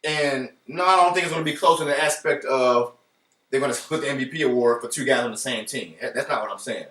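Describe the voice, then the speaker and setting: A man hosting a casual sports podcast, talking in an animated, playful way and speaking straight to his listeners. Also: medium pitch, fast talker, far from the mic. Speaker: podcast host. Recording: roomy echo, voice from off the mic.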